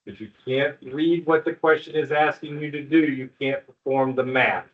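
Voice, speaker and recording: A middle-aged man, a school principal, speaks to parents at an evening school meeting in a folksy, joking, reassuring way. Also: mid-range voice. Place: school room with an audience. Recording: distant, muffled room recording.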